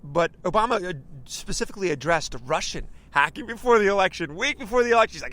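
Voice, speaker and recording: A man's voice: high-pitched, lively intonation, fast, hardly any pauses, fairly bright tone. A man hosting a talk show, delivering an emphatic, ranting political commentary monologue full of stumbling restarts.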